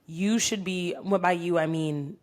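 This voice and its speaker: A young woman co-hosting a casual podcast, playful and animated, with jokey asides. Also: lowish voice, unhurried. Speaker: podcast co-host.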